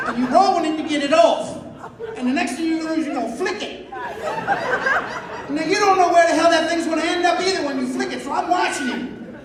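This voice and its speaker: A stand-up comedian in his fifties tells crude stories on a club stage, acting out every line of dialogue, in an extremely high, very animated voice at normal speed with long pauses. The echoey hall is recorded from a distance, with a crowd and laughter in the background.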